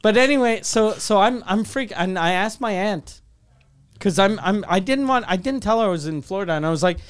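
A man's voice: sits high, expressive, brisk, clear, resonant tone. A man telling a long, rambling personal story in casual chat, swearing often and restarting his sentences.

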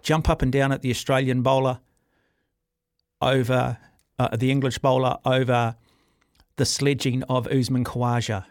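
A middle-aged New Zealand man hosts talkback sports radio, ranting forthrightly into a studio microphone in an average-pitched voice. His delivery is flat, at normal speed with long pauses, and the sound is close and dry with no echo or room around it.

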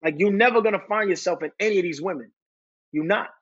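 A man in his thirties, a podcast guest talking candidly and haltingly, often repeating words and restarting his sentences. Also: sits high, a bit bright, muffled recording. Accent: New York. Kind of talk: candid conversational talk.

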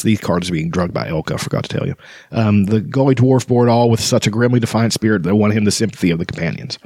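A man's voice: lowish voice, lively intonation, fast, warm tone, no echo, studio quality. A man hosting a show, reading passages aloud from a fantasy novel with stumbles and chatty asides.

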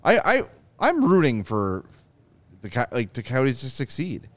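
A man hosting a podcast, talking sports in an animated, emphatic way. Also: mid-range voice, a little slow, no echo. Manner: animated, emphatic, quotes players in asides. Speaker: podcast host. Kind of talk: casual sports talk.

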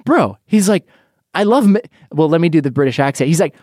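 A young man hosting a casual podcast chat, telling animated stories and laughing often. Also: fairly high pitch, fairly quick, slight background noise. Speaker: podcast host.

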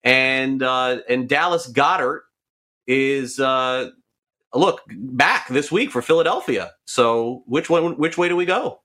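A man's voice: medium pitch, slow, pushed and bright. A man hosting a sports talk podcast, playfully quizzing his guest. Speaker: host.

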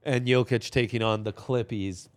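A man's voice: medium pitch, fairly even intonation, moderate pace, no echo. A young man co-hosting a sports podcast, talking casually in a laid-back, rambling way. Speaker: podcast co-host.

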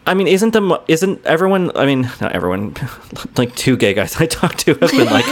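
A man's voice: fairly high pitch, wildly swooping pitch, measured pace, fairly bright tone, a little hiss or hum. A man in a casual film discussion, wry and a little hesitant, often trailing off. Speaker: podcast panelist.

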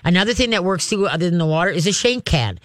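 A man's voice: high voice, lively intonation, fast, fairly bright tone, no room sound, studio quality. A man hosting a call-in radio show, giving direct, folksy dog-training advice and acting out firm commands with growls.

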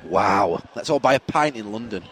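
Lively, animated football podcaster. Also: male voice, on the low side, normal speed, slight background noise. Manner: lively, laughs a lot, excitable. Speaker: podcast co-host. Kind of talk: casual football banter.

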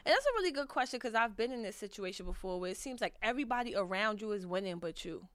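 A woman's voice: medium pitch, lively intonation, quick pace, a bit bright, no echo, clean studio sound. A woman vlogger giving frank, rambling advice to viewers in a casual chat, full of fillers and restarts. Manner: frank and profane. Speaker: vlogger answering viewer questions.

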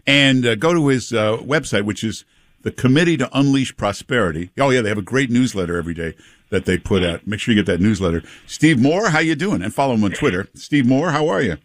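Man, radio host, sarcastic, animated pitch, dry studio sound. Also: dry recording. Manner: sarcastic, mocking, lively delivery. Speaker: radio talk show host. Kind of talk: casual talk radio banter. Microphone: studio microphone.

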